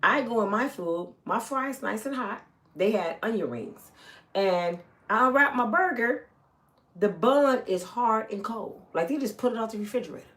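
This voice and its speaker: Her voice a little high and her speed normal, a middle-aged woman vlogs a personal tale for her audience. She's animated, veering between loud and soft, and mimics the people whose words she repeats.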